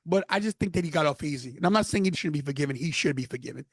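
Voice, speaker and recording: A man from New York, a podcast guest, telling stories in an animated, casual way. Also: fairly high pitch, rapid-fire, slightly rough, dry recording. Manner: animated storyteller. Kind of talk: casual interview.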